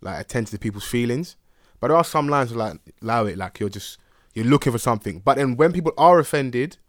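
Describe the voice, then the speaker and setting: A man's voice: medium pitch, expressive, fast talker, no room sound, studio quality. A man talking in a casual chat, thoughtful and questioning, hedging with many fillers.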